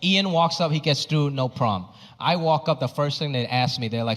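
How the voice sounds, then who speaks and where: A man's voice: medium pitch, fairly quick, a bit bright, slight background noise. A man from Hong Kong, a stand-up comedian, telling a self-mocking story in a stand-up set. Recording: reverberant theater hall.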